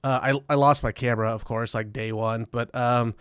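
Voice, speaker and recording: A man's voice: mid-range voice, fairly even intonation, a little fast, a bit bright, smooth, no echo, clean studio sound. A man guest on a podcast, telling rambling, profane tour stories in casual chat and laughing often. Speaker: podcast guest, metal musician.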